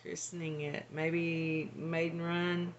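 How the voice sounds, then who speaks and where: Slow, hesitant woman medium. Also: low-pitched, flat delivery, dull audio, a little hiss or hum. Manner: hesitant, tentative, laughs between. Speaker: psychic medium. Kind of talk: channeling messages.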